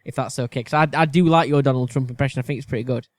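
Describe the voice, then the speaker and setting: A man's voice: medium pitch, steady tone, racing, no room sound. A man co-hosting a casual podcast, musing hesitantly over quiz answers and cutting in with questions. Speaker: podcast co-host and quiz contestant. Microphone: video call.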